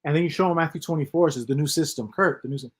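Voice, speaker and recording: A man's voice: fairly high pitch, very fast, breathy edge. A man hosting a casual livestream, reading chat comments aloud and rambling on with lots of repeats and mutters.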